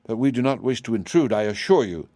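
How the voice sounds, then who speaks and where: A man reading an audiobook, voicing a small older male wizard who speaks soberly and courteously, sometimes halting. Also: mid-range voice, expressive, dark tone, no room sound, clean studio sound, close to an everyday voice.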